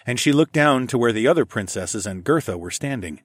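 A man's voice: mid-range voice, expressive, a little fast, no echo, clean studio sound. A man narrating a fantasy story in first person, reading steadily. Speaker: audiobook narrator.

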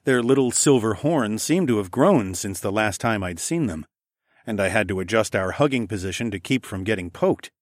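A man's voice: lowish voice, lively intonation, normal speed, no room sound, studio quality. A man narrating a first-person fantasy audiobook in an easy storytelling manner.

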